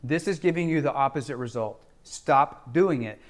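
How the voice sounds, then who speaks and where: A man's voice: mid-range voice, moderate pace. A middle-aged man giving relationship coaching straight to camera, in an emphatic, repetitive, preacherly manner. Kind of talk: direct-to-camera advice talk.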